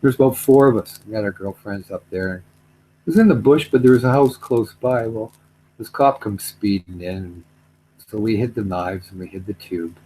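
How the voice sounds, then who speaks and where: A man's voice: lowish voice, moderate pace, dark tone, poor audio. Middle-aged guy rambling through an old story, repeats himself, faint hum behind. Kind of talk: casual storytelling chat.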